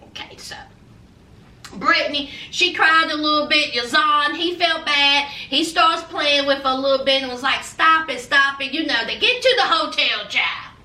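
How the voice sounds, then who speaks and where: A woman's voice: sits high, moderate pace, pushed and bright. A woman recapping a reality TV episode in a sassy, gossipy, playful way. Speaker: TV reality show reviewer. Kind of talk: casual recap chat to camera. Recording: echoey room, distant from mic.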